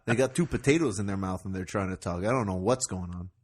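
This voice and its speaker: A man's voice: sits low, fast talker, darkish tone, breathy edge. A man co-hosting a podcast in casual comedic chat, with dry, mock-blunt humor. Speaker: podcast co-host.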